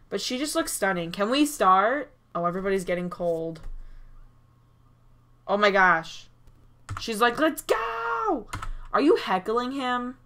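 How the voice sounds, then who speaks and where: A woman giving chatty, excitable commentary over a life-sim game, recorded on a desk mic at her computer. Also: medium pitch. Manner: chatty and excitable, frequent "oh my gosh" and small gasps. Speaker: gaming YouTuber. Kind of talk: casual gameplay commentary.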